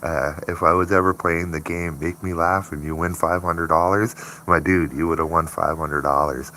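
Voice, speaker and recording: A man's voice: low-pitched, fairly even intonation, normal speed, pushed and bright, slight background noise. A man chatting casually on a morning live stream, rambling and laughing often. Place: home by a window.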